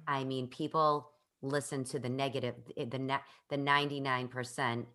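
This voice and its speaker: Woman, podcast host, very low pitch, bright tone, earnest, rambling. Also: little pitch movement, normal speed. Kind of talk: conversational interview.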